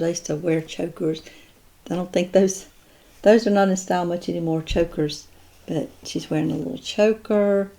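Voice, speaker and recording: A woman's voice: fairly low pitch, gravelly, dark tone. A woman chatting casually as she shows off her doll collection, admiring each piece and thinking aloud. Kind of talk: casual unboxing chat.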